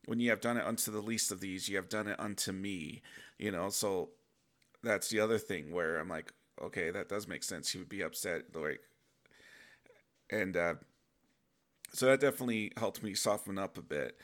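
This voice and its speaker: A man's voice: sits low, moderate pace, a bit bright. A middle-aged man giving an earnest, emotionally open personal faith talk as host. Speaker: podcast host sharing faith testimony.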